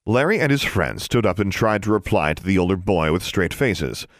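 This low-voiced man narrates a novel for an audiobook at a moderate pace, his intonation lively from sentence to sentence. The scripted reading moves steadily between character voices, captured close and totally dry without any room sound.

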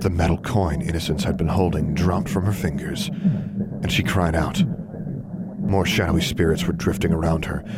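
A man narrating a story in a steady, even reading voice. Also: sits low, normal speed, very noisy. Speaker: audiobook narrator. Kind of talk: scripted narration.

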